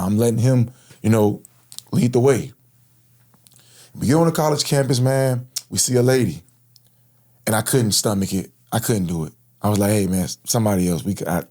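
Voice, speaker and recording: A man's voice: on the low side, dark tone. A man in his thirties from Florida, recounting his past as an interview guest in casual, slang-filled, earnest speech. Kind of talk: personal storytelling in interview.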